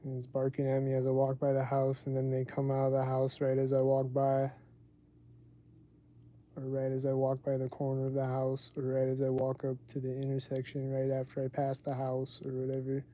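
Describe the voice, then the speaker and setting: A man with a warm, mid-range voice and a completely flat delivery speaks at a moderate pace. Hosting his own livestream podcast, he rambles casually and fills his speech with "like."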